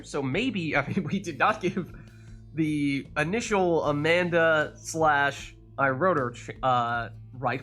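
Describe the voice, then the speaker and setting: Upbeat male stream host, lively pitch. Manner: upbeat, chatty, checks in with players. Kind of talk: casual livestream commentary.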